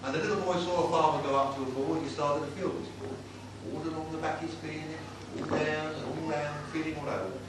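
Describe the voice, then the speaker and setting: A man doing a tribute act as a cheeky old-time music-hall comic, telling saucy gags in brisk patter. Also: on the high side, steady tone, close to an everyday voice. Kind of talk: live stand-up with saucy gags. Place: live venue with an audience. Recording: roomy and distant with loud noise.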